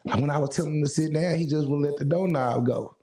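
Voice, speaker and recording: A man, a singer guest, telling stories in an animated, casual way, acting out the voices he quotes in streetwise slang. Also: a little high, quick pace, low-quality recording. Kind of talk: casual storytelling.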